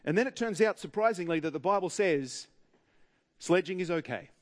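A man with an Australian accent preaching a sermon in a wry, humorous way, with dramatic pauses. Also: high voice, expressive.

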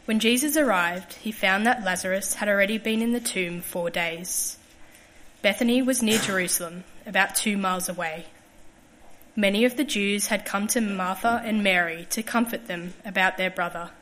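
A woman reading a Bible passage aloud in a measured, steady way during a service. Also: mid-range voice, a little hiss or hum, low-quality recording. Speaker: scripture reader.

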